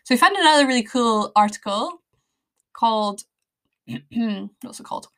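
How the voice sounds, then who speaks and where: Young woman rambling on her podcast, bit of vocal fry, laughs at her own slip-ups. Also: fairly high pitch, animated, normal speed, a bit bright. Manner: chatty, self-deprecating, frequent fillers and tangents. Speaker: podcast host. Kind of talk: casual solo podcast chat.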